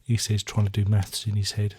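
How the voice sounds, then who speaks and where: A man's voice: lowish voice, monotone, a little fast, darkish tone, slight background noise. A man casually reviewing his record collection, rambling with dry self-mocking jokes. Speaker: album reviewer. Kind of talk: casual chat.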